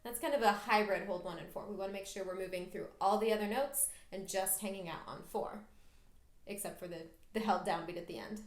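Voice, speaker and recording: A woman's voice: medium pitch, fairly even intonation, fairly quick, echoey room, soft background music. A woman teaching a flute lesson, patiently coaching the listener through practice steps. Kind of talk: instructional music lesson.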